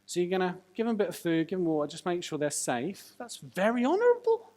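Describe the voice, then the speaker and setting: A preacher giving a sermon, animated and full of jokey asides and rhetorical questions. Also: mid-range voice, quick pace.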